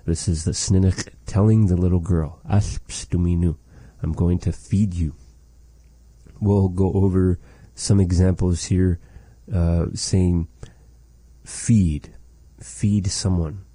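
A man teaching a language lesson, saying phrases slowly and carefully and repeating them for learners. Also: low voice, fairly even intonation, mellow, slightly rough, no echo.

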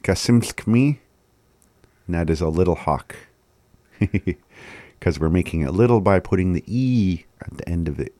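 A man's voice: low-pitched, moderate pace, dark tone, no room sound. A man giving a casual language lesson, sounding words out syllable by syllable and often laughing at himself. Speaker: language teacher.

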